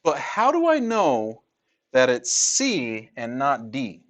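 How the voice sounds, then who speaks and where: Lively, slow-talking male math teacher. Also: mid-range voice. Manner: lively, joking with students, rhetorical questions. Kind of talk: classroom teaching. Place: classroom.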